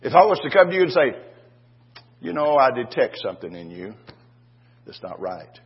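Older preacher with a husky voice. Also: male voice, mid-range voice, big pitch swings, moderate pace, dull audio. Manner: folksy, restarts with "and, uh", asks "Amen?" of the congregation. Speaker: pastor. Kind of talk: sermon.

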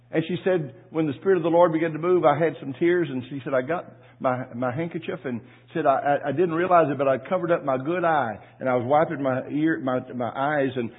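A middle-aged man, a pastor, preaching a folksy sermon with stories, repeating his words and rising into loud exclamations. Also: on the high side, slightly rough. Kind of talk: sermon with storytelling. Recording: tinny phone-like audio.

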